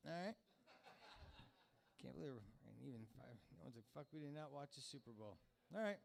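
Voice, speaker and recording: A man's voice: on the high side, clear, resonant tone. A man in his fifties hosting a comedy show, talking to the crowd in a rambling, profane, conversational stand-up manner. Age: 50s. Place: comedy club stage.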